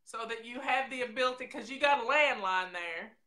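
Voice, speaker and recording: A woman's voice: on the high side, expressive, fairly quick, pushed and bright. A woman hosting a casual livestream, chatting in a folksy, rambling way straight to her viewers. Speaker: show host.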